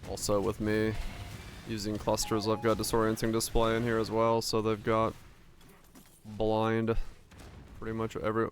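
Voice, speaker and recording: Gravelly low-voiced man streaming a game. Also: monotone, normal speed, long pauses, a little hiss or hum. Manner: laid-back, thinks aloud, swears casually. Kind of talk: casual live gameplay commentary.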